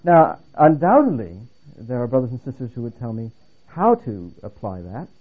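Male lecturer, earnest and emphatic, lively delivery, thin phone-like recording. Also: medium pitch, normal speed. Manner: earnest, emphatic, with restarts and dry humor. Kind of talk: theology lecture. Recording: phone-like narrow band.

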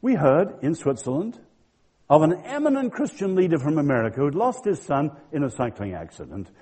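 An older man delivers a sermon-style talk with a husky, mellow voice. His pitch rises and falls in a lively way as he leans hard into key words and tells stories. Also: brisk. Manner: emphatic, storytelling. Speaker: Christian speaker.

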